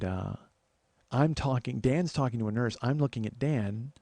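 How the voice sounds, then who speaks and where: A man's voice: medium pitch, gravelly, darkish tone, no room sound. A man hosting a comedy podcast, telling a long story in a rambling, conversational way. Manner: rambling, conversational, many fillers. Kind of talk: storytelling monologue.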